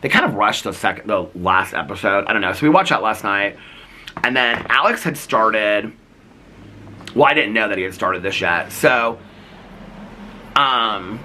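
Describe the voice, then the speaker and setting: Male vlogger with a low pitch, casual, heartfelt, meandering filler-heavy talk. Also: lively intonation, a little slow, long pauses, sharp tone, a little hiss or hum. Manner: rambling, heavy use of "like"; earnest and heartfelt. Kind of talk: casual chat.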